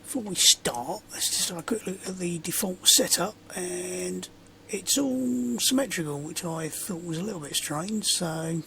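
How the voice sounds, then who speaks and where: A man giving relaxed, rambling gameplay commentary as a sim racing video host, with many fillers and dry sarcasm. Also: sits high, measured pace, vocal fry, slight background noise.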